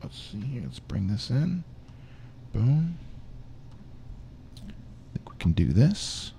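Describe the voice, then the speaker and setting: A man's voice: mid-range voice, sing-song, takes it slowly, vocal fry, warm tone, a little hiss or hum. A man hosting a live-streamed show, chatting loosely and joking with viewers. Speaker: show host. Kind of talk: casual live-stream chat.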